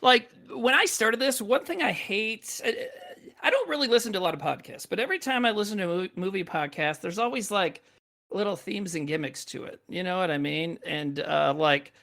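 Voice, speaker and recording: Lively, bright-voiced male podcast host. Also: sits high, fairly quick, vocal fry. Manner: rambling, with many fillers and restarts. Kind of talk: casual movie chat.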